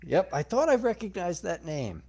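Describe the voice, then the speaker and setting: Lively-voiced man hosting a casual chat. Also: sits high, normal speed, slightly rough. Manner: relaxed, reading out viewer questions. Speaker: host.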